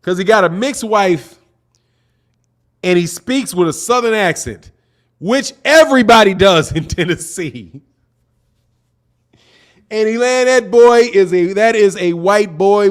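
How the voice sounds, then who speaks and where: A man hosting a boxing talk stream, reading viewer chats aloud in a loose, chatty way, repeating himself and laughing often. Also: high voice. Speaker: boxing channel host. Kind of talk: casual livestream commentary reading viewer chats.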